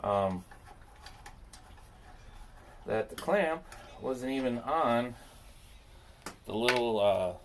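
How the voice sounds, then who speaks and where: The speaker, a landscaping business owner working on his equipment, has a medium-pitched, expressive voice and talks very slowly with long pauses. He rambles casually, pokes fun at himself, and there's noise behind him.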